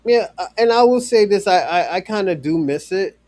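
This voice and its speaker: A man's voice: sits high, animated, normal speed, darkish tone, no room sound. A man chatting casually on a live stream, rambling with many fillers and restarts, swearing freely and talking straight to a viewer in chat.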